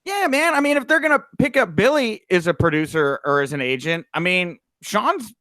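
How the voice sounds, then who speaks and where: This young man hosts a wrestling news podcast, speaking at a moderate pace in a high-pitched voice with no echo. He chats casually and tells stories in an animated way, dropping in plenty of "uh" fillers.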